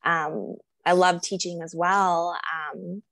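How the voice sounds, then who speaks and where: Low, gravelly-voiced woman talking casually. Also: fairly even intonation, takes it slowly, a bit bright, no room sound. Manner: rambling, filler-heavy, reflective. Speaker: guest, body acceptance coach. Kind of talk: casual podcast interview.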